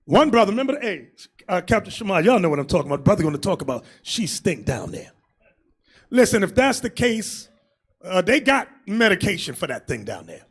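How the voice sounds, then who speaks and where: A man preaching as a bishop, loud and crude, shouting and laughing as he mocks people in put-on voices. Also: high voice, big pitch swings, fast, slightly rough.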